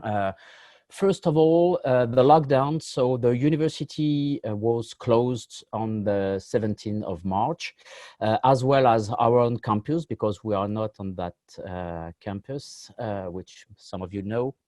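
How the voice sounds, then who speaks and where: A man with a French accent giving a conference talk over a video call, halting and full of fillers. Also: mid-range voice, warm tone, no room sound. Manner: halting, many fillers, apologetic. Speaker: conference panelist.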